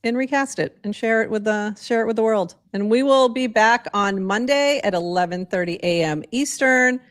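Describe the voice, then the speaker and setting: A woman's voice: on the high side, moderate pace, dry recording, studio quality. A woman from southeastern Massachusetts co-hosting a podcast in casual chat, rambling and chatty with lots of fillers. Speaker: co-host.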